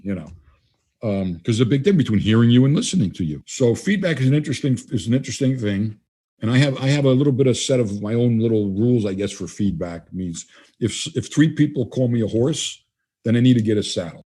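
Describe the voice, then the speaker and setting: Blunt, fast-talking man, husky voice. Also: medium pitch, expressive, dark tone. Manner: blunt, emphatic, acts out dialogue. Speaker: guest trainer. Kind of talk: casual interview talk.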